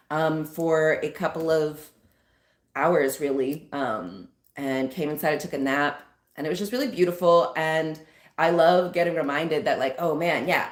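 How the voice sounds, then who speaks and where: A woman's voice: lowish voice, reverberant. A woman hosting her own channel, talking loosely to viewers with many fillers and acted asides. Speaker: channel host. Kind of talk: casual spiritual vlog talk.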